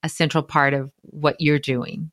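Affirming woman host, low dry voice. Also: little pitch movement, unhurried, fairly bright tone, no room sound. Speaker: podcast host. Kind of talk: faith-based podcast conversation.

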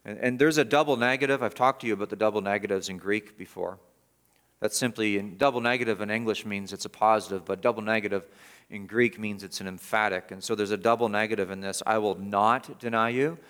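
A middle-aged male pastor preaching verse by verse, swinging from loud emphatic peaks to low, quiet asides. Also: steady tone, quick pace. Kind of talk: expository sermon.

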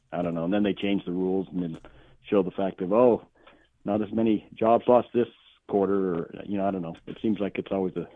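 A male co-host on a talk show who speaks haltingly, with many fillers and restarts. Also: on the low side, no room sound. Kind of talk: casual radio talk show chat. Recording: tinny phone-like line.

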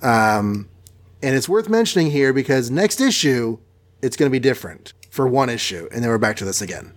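A man co-hosting a podcast in a relaxed, chatty way. His speech is full of ums and loose restarts, in an average-pitched voice. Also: a little fast. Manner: chatty, many ums, slips into acted voices. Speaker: podcast co-host. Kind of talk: casual chat.

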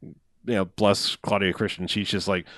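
A man's voice: sits low, level tone, measured pace, fairly bright tone, dry recording, studio quality. A man in casual chat who recaps a film's plot, acting out the characters' lines with a laugh.

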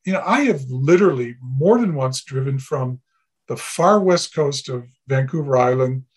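A man's voice: medium pitch, expressive, moderate pace, darkish tone, husky. A man from Canada, a podcast guest, talking in a rambling, anecdotal way with many fillers. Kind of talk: casual podcast chat.

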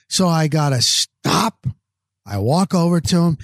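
A man's voice: high-pitched, a little slow, no echo, clean studio sound. A man hosting a podcast, telling a rambling, exasperated story on his back patio. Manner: rambling, exasperated, animated retelling. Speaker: podcast host. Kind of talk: casual storytelling monologue. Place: home back patio, outdoors.

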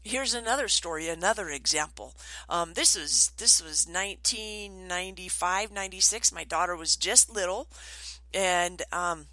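A middle-aged woman trainer telling stories in an animated way, acting out the voices she quotes. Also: on the low side, normal speed, dry recording, poor audio. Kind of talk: storytelling talk.

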